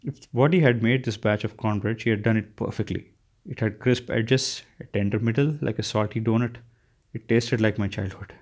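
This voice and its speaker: A man reading a novel aloud as an audiobook narrator, with a steady delivery and occasional slips. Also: lowish voice, moderate pace, breathy edge. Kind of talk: scripted narration.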